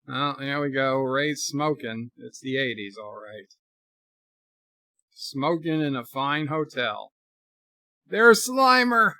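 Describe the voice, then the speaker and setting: A man's voice: medium pitch, steady tone, slow pace, a bit bright, no echo. A man hosting a live movie rewatch, chatting and reading viewer comments aloud as he reacts.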